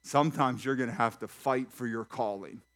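A pastor preaching a sermon in church, lively and talking straight to the congregation with questions and jokes. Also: male voice, mid-range voice, normal speed. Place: church sanctuary.

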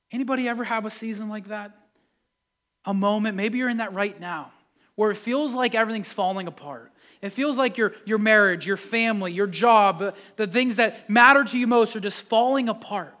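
A man preaching a sermon, talking with the congregation, swinging from loud pleading passages to hushed calm ones. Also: high voice, normal speed. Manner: builds to loud impassioned pleas, then drops to hushed calm; conversational preaching with audience questions. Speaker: pastor.

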